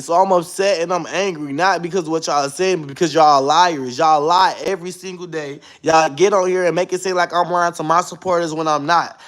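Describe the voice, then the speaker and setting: A man's voice: high-pitched, a bit bright. A man hosting his own livestream, defensively ranting at his viewers and repeating himself. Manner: defensive, repetitive, addresses viewers as y'all. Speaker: livestream host. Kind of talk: heated livestream rant.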